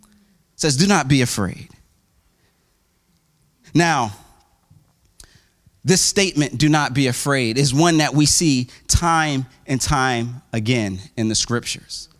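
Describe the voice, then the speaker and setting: A man preaching a conversational sermon as pastor, with frequent restarts and asides, now and then acting out quoted voices in a much higher pitch. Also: slow, a bit bright. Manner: acts out quoted voices with big pitch jumps.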